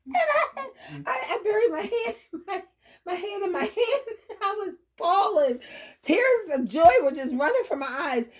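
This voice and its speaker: Very high-pitched, giggly woman storyteller. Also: a little slow. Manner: giggly, animated, breaks into laughter often. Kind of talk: casual anecdote telling.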